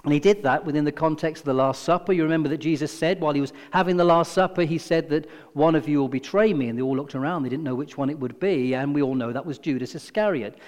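A man delivering a sermon, his voice sitting high and carrying a long hall reverb. He retells scripture with lively storytelling, voicing the characters and repeating key phrases for emphasis. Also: fast, few pauses. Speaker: preacher.

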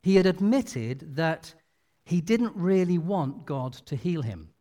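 Male preacher, high and lively voice, sermon style, reverberant hall. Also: slow pace. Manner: animated, expressive storytelling delivery. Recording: long reverb of a large hall.

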